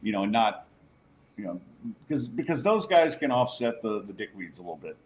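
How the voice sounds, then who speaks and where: A man's voice: fairly low pitch, very animated, normal speed, a crowd in the background. A man hosting a sports podcast, chatting casually in a loose, joking way with lots of fillers. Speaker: podcast host.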